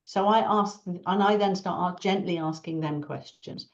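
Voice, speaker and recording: A woman, a marketing consultant hosting an online Q&A, chatty and animated, acting out small talk. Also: fairly low pitch, moderate pace. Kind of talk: casual online Q&A. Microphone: video call. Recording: dull lo-fi video call audio.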